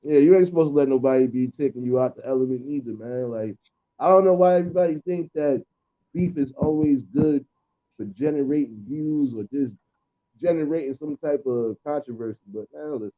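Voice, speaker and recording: Male guest on a stream call, mid-pitched, tinny phone-line sound, relaxed and reflective. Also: fairly quick. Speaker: guest caller on a livestream. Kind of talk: casual livestream chat.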